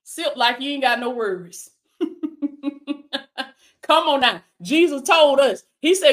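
A woman's voice: high voice, lively intonation, measured pace, pauses often, fairly bright tone. A woman preaching a motivational sermon on a livestream, calling out to viewers with "come on now" and "baby" and reading out their comments. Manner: reads viewer comments aloud. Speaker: life coach and preacher.

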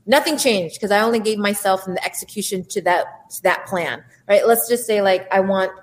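A woman's voice: medium pitch, normal speed. A woman speaking as a life coach and entrepreneur, giving an emphatic motivational talk and acting out the voices in people's heads. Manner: animated, emphatic, acts out inner voices.

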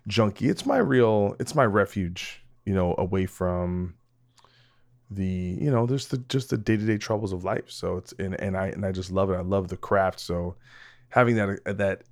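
On a casual solo podcast, a male host with a lowish, darkish voice rambles to his listeners, addressing them directly. He mocks himself, keeps restarting sentences, laughs often, and swears freely.

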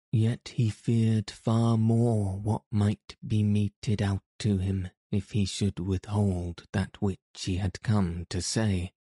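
A man narrating a fairy tale in a slow, even, measured manner. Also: sits low, no echo, studio quality. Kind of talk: scripted storybook narration.

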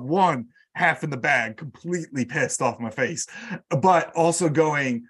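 A man's voice: a little high, measured pace, fairly bright tone, husky. A man from New York with an American accent, hosting a podcast in a chatty manner and laughing often. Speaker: podcast host. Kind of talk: casual chat.

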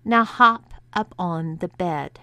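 A woman's voice: on the low side, slow, sharp tone, clean tone, no room sound, full character voice. A woman reading the part of a bossy adult woman who taunts and gives orders. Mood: commanding. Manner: taunting, commanding.

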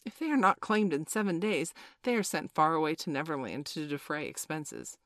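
A woman reading a storybook aloud, voicing a merry, boastful young boy in a raised, lively voice. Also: low voice, moderate pace, no echo, studio quality, full character voice. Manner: bright boyish storybook voice, lively and proud.

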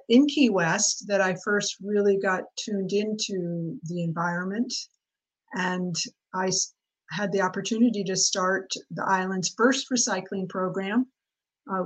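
An older woman in her seventies, an author guest in an interview, recounting her life in an earnest, steady way with a few restarts. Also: medium pitch, low-quality recording. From United States.

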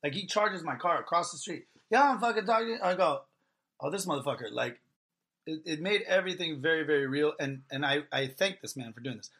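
Male podcast host, high and bright, rapid profane storyteller. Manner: fast, animated, acts out both sides of an argument.

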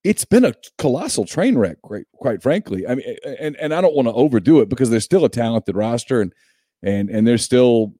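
A man co-hosting casual sports talk, measured and emphatic. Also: medium pitch, animated, dark tone, no echo, clean studio sound. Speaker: sports co-host.

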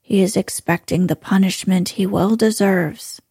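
A woman voicing a stern old mountain grandfather in a calm, slow, soft bedtime story reading. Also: mid-range voice, breathy edge, no room sound, studio quality. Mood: matter-of-fact.

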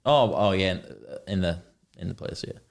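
A man's voice: sits low, normal speed, vocal fry. A young man telling a rambling, sweary story in casual chat as a podcast co-host.

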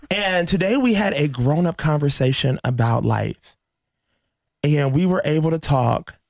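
A man hosting a casual faith podcast, telling an emotional story and acting out the dialogue with lively energy. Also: on the high side, unhurried, creaky, dry recording, clean studio sound. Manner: emotional, animated storyteller who acts out dialogue. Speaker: podcast host.

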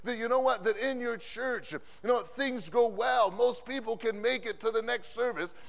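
Guy preaching, high pitched and gravelly, saying amen a lot, loud then quiet, big hall echo. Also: normal speed. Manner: punctuates phrases with "amen", swings between loud and hushed. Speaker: pastor. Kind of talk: preached sermon. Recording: long hall reverb from a conference sanctuary.

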